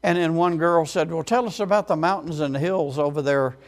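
A man's voice: fairly high pitch, brisk. A man preaching a sermon as a storytelling testimony, with frequent amens and quoted voices acted out.

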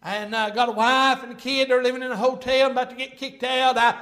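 A middle-aged man preaching a sermon, telling folksy stories and building to fervent, shouted points. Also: extremely high pitch, flat delivery, brisk. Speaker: pastor.

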